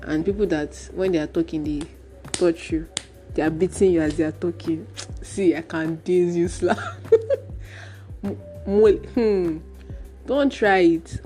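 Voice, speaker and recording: Mellow, animated Nigerian woman ranting. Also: on the low side, a little slow, faint music behind. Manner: animated, emphatic, repeats lines for stress. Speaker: podcast host. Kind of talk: solo podcast rant.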